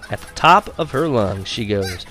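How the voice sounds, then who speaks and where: Man narrating a story, lower voice. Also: measured pace, faint music behind. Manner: lively storytelling, voicing characters with quieter, higher dialogue. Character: boy narrator recalling spying on a neighbor. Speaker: audiobook narrator. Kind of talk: first-person audiobook narration.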